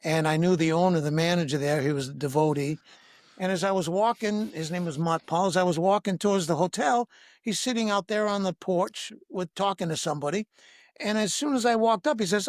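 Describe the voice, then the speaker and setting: A man's voice: sits high, a little fast, no echo, clean studio sound. A man, a breathwork teacher and podcast guest, telling a personal story and acting out the dialogue. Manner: lively anecdote with acted-out dialogue. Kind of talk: storytelling in conversation.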